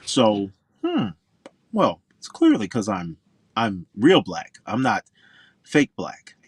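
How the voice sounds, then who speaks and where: A man's voice: lowish voice, slow pace, a little hiss or hum. A man in his forties from Florida, a pro golfer guest, telling stories in an outspoken, emphatic way. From Orlando, Florida. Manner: outspoken, emphatic, animated storyteller. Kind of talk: interview storytelling.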